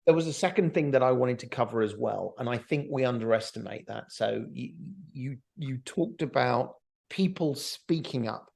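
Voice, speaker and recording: Speaking at normal speed with a gravelly, medium-pitched voice, a middle-aged podcast co-host discusses business casually and animatedly, performing quoted voices of others.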